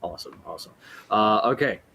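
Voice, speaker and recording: Relaxed man running a tabletop game. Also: fairly low pitch, fast talker, gravelly. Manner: loose, filler-heavy narration. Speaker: game master.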